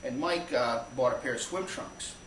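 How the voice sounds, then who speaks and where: A man's voice: medium pitch, a bit bright, slight background noise. Rambling male storyteller in an echoey room. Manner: rambling, anecdotal, halting with restarts. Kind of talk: live stage storytelling. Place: small theater stage. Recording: echoey live room from far off.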